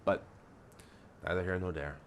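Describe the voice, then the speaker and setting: A man's voice: low voice, steady tone, normal speed, a little hiss or hum. A man streaming a video game live and chatting casually, rambling as he reads game lines aloud. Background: game music.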